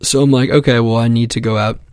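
A man's voice: mid-range voice, steady tone, quick pace, a little mellow, no echo, studio quality. A young man telling a comic personal story in a casual, profane, self-mocking way, full of fillers. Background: music.

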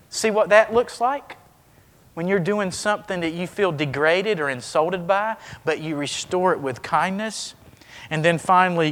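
A man preaching a sermon in an animated way, acting out scenes as he talks. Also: high voice, moderate pace, big-room sound. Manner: animated, acts out scenes with shifting voice.

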